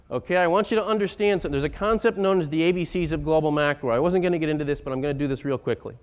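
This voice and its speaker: Insistent male speaker, smooth resonant tone, lectures with rising emphasis. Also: fairly high pitch, racing, hardly any pauses. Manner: emphatic, building to loud insistent points. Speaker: economic speaker. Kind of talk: lecture-style talk.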